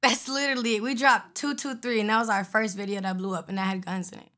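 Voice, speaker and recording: A woman's voice: mid-range voice, steady tone, quick pace, sharp tone. Blunt, profane woman rapper. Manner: blunt, profane, retells exchanges with quoted voices. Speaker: rapper, interview guest. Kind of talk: casual interview storytelling.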